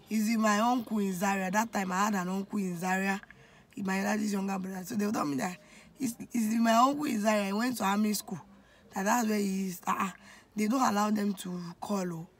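A Nigerian-accented woman in her twenties shares a heartfelt personal story on her vlog. Her voice sits at an ordinary middle pitch, and she confides in her viewers as if talking to friends. A faint hiss lies underneath. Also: steady tone, a little fast. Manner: emotional, confiding storytelling that addresses viewers directly. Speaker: vlogger.

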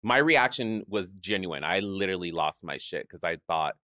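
Man, low voice, lively storyteller, acts out quotes, dry close sound. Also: normal speed, no room sound. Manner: animated storyteller acting out quoted voices, laughing often. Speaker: guest, drag performer. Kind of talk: storytelling interview chat.

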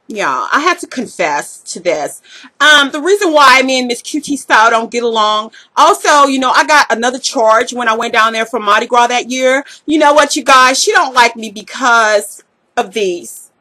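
With a fairly high pitch, lively intonation and sharp tone at normal speed, a vlogger with a Southern US accent voices her party-girl alter ego. The character is brash, gossipy and jealous, trash-talking in sassy slang for comedy.

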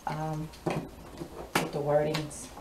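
A woman does a casual tarot reading, sassy and emphatic, often repeating her lines for effect. Her low voice is monotone and extremely slow, captured on a distant mic in a roomy space with clear background noise.

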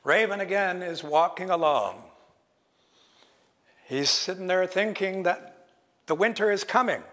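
A man telling traditional stories at a lecture, slow and deliberate with many pauses. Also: high-pitched, lively intonation, a bit bright. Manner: slow, deliberate, pausing often. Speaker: traditional storyteller. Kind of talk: traditional oral storytelling at a lecture. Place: lecture hall. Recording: long reverb of a lecture hall.

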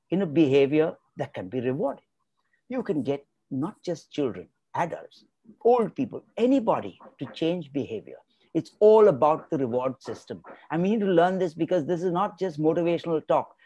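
Man, guest expert, motivational talk, emphatic, very animated pitch, dry close sound. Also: husky, dry recording. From India. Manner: emphatic, repeats key words for stress.

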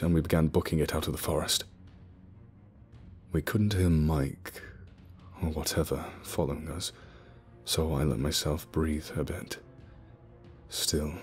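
A man narrating a spooky story in the first person, telling it in a steady, low-key way. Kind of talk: scripted horror narration. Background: soft music.

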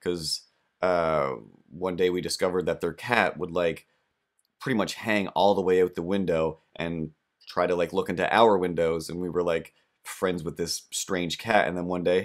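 A young man with a deep, low voice tells a comic story in a rambling way. He often makes fun of himself as he goes. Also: fairly even intonation, moderate pace. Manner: rambling, self-deprecating. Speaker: podcast host.

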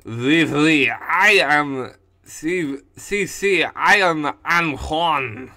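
A man's voice: on the high side, no room sound, clean studio sound, pitched above the performer's own voice, full character voice. A man putting on a hammy mock-French Antoine. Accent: mock French or Spanish. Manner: hammy, loud, drawn-out. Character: flamboyant man with fake accent.

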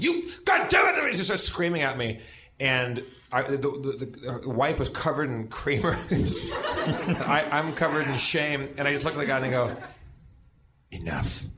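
A man's voice: mid-range voice, background noise. A man co-hosting a podcast, telling a comedic story with many restarts and laughs. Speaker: podcast co-host. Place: live stage with audience.

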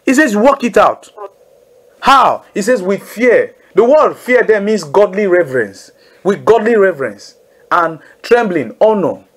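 Preacher, man, high voice, drives points home by repeating them. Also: sing-song, a little slow. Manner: emphatic, repeats key phrases, asks listeners to say lines with him. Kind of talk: call-in Bible teaching.

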